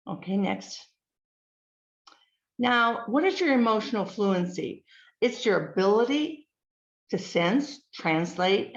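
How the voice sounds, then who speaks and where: Woman presenter with a dull lo-fi sound. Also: mid-range voice. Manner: measured, listing words with frequent ums. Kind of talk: slide presentation talk. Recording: dull lo-fi recording.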